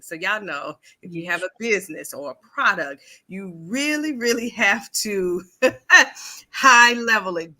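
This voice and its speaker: A woman tells a story in a bright, ringing voice that swoops high and low. She laughs often and acts out each person's lines as she goes. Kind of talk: casual chat.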